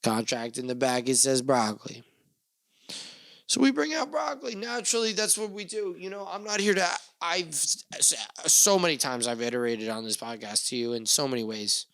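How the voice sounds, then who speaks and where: A man hosting a solo podcast, rambling casually, losing his train of thought and then rushing ahead in excited bursts. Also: mid-range voice, vocal fry. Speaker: podcast host.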